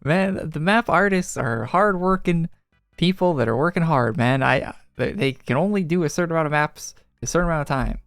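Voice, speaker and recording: A man's voice: on the high side, lively intonation, moderate pace, gravelly, fairly bright tone, clear, resonant tone, no room sound, clean studio sound. A man streaming a game, reading dialogue aloud and dropping wry, joking asides. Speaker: gaming streamer. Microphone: close studio microphone.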